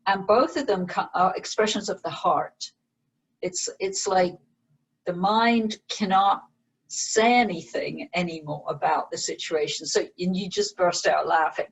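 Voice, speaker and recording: A woman meditation teacher and author, explaining her practice in a slow, gentle way as an interview guest. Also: on the low side, gravelly, husky, poor audio. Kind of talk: interview conversation.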